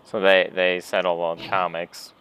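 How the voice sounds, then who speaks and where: A man's voice: sits low, flat delivery, measured pace, background noise. A man musing offhandedly as he comments on a game he is playing. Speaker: let's play host. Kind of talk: casual gameplay commentary.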